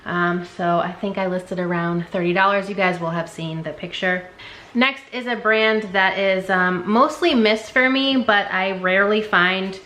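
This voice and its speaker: A woman talks through her thrift haul in a casual, chatty way, with lots of fillers. Her voice is bright and clear, and it rings a little in an echoey room. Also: mid-range voice, a little slow. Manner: chatty, many um fillers, unsure of brand names. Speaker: thrift reseller showing a haul.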